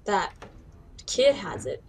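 A woman's voice: medium pitch, big pitch swings, slow, noisy background. Playful, chatty woman gamer. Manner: playful, chatty, says "dude" and "like". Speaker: let's play gamer. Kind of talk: casual gameplay commentary.

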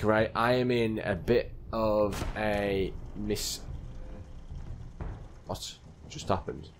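A man's voice: on the low side, takes it slowly, long pauses, slight background noise. A man giving live gameplay commentary, talking to himself in a flustered way and repeating phrases as he plays. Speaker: gaming channel host.

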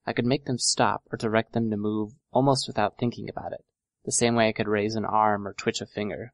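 A man reads a first-person audiobook at an even, measured pace. His voice sits low and carries a gravelly rasp. The sound is close and dry, with no room around it. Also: no echo. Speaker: audiobook narrator.

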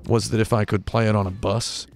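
A man hosting a casual interview in a small studio, deadpan and rambling, with music behind. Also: fairly low pitch, a little fast, vocal fry. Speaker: host.

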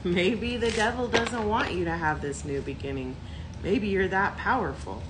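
A woman's voice: mid-range voice, moderate pace, very noisy. A woman doing a casual tarot reading to camera, blunt and profane, thinking aloud as she talks. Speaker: tarot reader.

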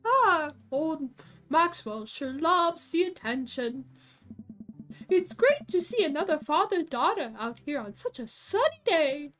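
A woman's voice: extremely high pitch, big pitch swings, measured pace, pushed and bright, faint music behind, heavily acted. A woman voicing a cheery middle-aged dad in an exaggerated, put-on British accent for a game.

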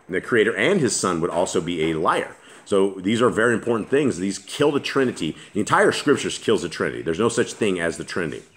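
A man's voice: fairly low pitch, a bit bright. A man reading scripture aloud and commenting on it as a Bible teacher, earnest and emphatic, often restarting his sentences.

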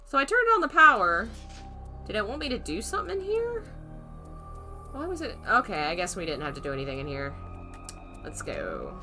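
A woman's voice: mid-range voice, huge pitch swings, normal speed, pauses often, music in the background. A woman streaming a horror game, chatting casually, thinking aloud, greeting viewers and laughing often. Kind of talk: casual let's-play commentary.

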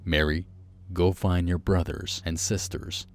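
A man doing a gruff, stubborn father. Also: low-pitched, level tone. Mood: commanding. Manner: gruff and slow, insisting. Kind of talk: audiobook character voice.

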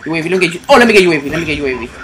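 A gamer gives live, casual commentary over his own online shooter match, excitable and swearing constantly, yelping whenever something sudden happens. His voice is on the high side and rapid-fire, with a little hiss or hum in the recording.

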